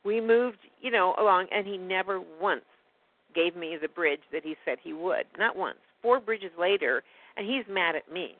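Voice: medium pitch, normal speed. A guest telling a personal story in a rambling, indignant way during a casual phone conversation. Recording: tinny phone line, dry.

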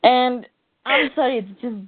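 A woman's voice: a little high, a little slow, no echo. A woman retelling a comic book in casual chat, reading the lines aloud with small voice changes. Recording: dry tinny phone-like sound.

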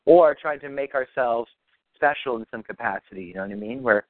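A man leads a practitioner call through a phone or call line, his mid-range voice moving fairly quickly. The talk is easygoing coaching that wanders, reassures, and keeps repeating itself, all on a dry phone-like line without room sound.

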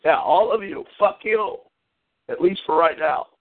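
A man's voice: high voice, measured pace, no room sound. A man hosting a casual talk show, ranting profanely and venting. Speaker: podcast host. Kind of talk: casual chat. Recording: tinny phone line.

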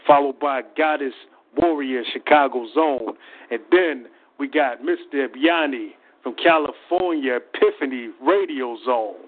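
A man's voice: medium pitch, a little slow. A man with a mid-range voice hosts an online radio cypher, announcing each artist in the lineup with upbeat energy. His voice comes through narrow and tinny, like a phone line. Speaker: host. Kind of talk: radio host introducing artists.

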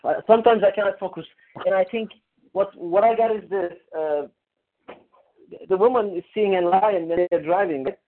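A man's voice: high-pitched, normal speed. A male client on a coaching call, hesitant and repeating himself. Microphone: phone call. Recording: tinny phone line.

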